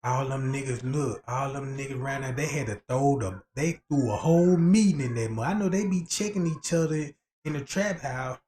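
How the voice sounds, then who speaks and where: A man's voice: mid-range voice, fairly quick, few pauses, mellow. A man on a casual livestream, telling crude, profane stories in slang and acting out the quotes, often asking whether you know what he's talking about.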